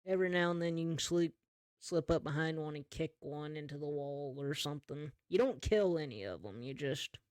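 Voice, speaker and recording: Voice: medium pitch, moderate pace, darkish tone, dry recording, clean studio sound. A game master narrating a tabletop game in an easygoing, second-person storytelling way.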